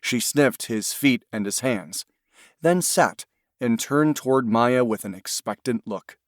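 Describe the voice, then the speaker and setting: An audiobook narrator, male, delivers the story at a steady, deliberate pace. His pitch is medium, with a dry recording and clean studio sound.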